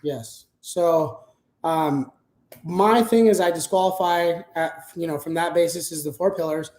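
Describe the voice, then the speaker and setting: A man's voice: a little high, measured pace, darkish tone, echoey room. A man talking casually as an interview guest about managing a sales team, explaining things step by step with frequent fillers.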